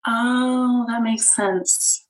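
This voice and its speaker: A woman's voice: fairly high pitch, fairly even intonation, very slow, low-quality recording. A young woman co-hosting a podcast, chatting casually about a reality show, giggly and saying "like" often. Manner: chatty, giggly, uses "like" a lot. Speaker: podcast co-host.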